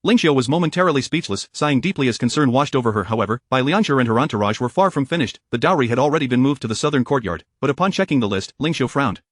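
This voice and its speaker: Fast-reading male narrator, dry sound. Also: medium pitch, lively intonation, no echo. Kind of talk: scripted story narration.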